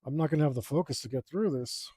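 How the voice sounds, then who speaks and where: A man chatting casually as he works on his art, rambling and joking at his own expense, with loud groans at the dull parts. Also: fairly high pitch, fast, husky, no room sound, studio quality. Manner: rambling, self-deprecating, groans and sighs aloud. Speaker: artist streaming his drawing process. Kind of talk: casual talk while working.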